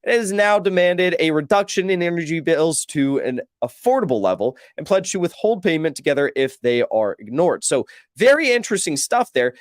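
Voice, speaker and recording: A man's voice: on the high side, dry recording, clean studio sound. A man hosting a political show, reading news articles aloud and adding commentary, stumbling over numbers. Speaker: host.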